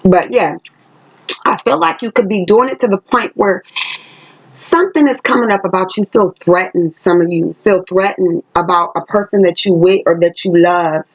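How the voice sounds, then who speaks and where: A woman with a husky, breathy voice talks straight to her camera in a chatty, emphatic way. She is giving a tarot reading to her viewers. The recording is dull and lo-fi. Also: lowish voice, normal speed. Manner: chatty and emphatic, sings snippets of songs. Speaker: tarot reader. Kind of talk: casual spiritual reading vlog. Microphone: camera she set up herself.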